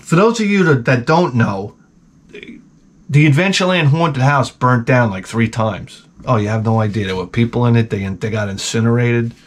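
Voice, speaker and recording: A man's voice: mid-range voice, normal speed. A man in his forties, the channel host, telling a profane, rambling comedic rant.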